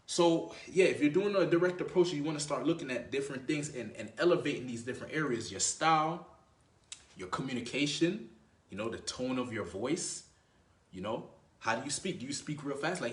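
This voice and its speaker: A man's voice: mid-range voice, lively intonation, fairly quick. Brief: male dating coach, casual swearing delivery, filler-heavy, roomy echo. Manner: loose, profane, peppered with "you know" and "right?". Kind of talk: casual talking-head coaching. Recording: echoey room.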